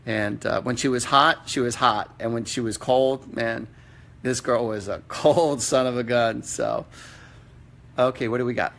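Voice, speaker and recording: A man hosting a live psychic reading, with a middle-pitched voice. He speaks in an earnest, halting way, trails into fillers and restarts his sentences as he works through each viewer's question. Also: vocal fry, fairly bright tone. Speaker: psychic medium host.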